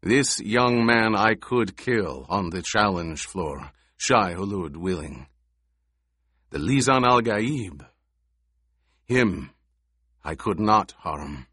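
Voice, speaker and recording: A man voicing a stern older male desert tribal leader in an audiobook, speaking in a gruff growl. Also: on the low side, animated, slow pace, long pauses, bright, forceful tone, no echo, studio quality, heavily acted. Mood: grave.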